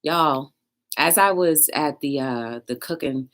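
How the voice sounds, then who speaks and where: A woman's voice: low voice, slow. A woman hosting a live-stream chat show, telling stories and reading chat aloud in a loose, slangy manner. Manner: animated storytelling, reads chat aloud, slangy. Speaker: talk show host.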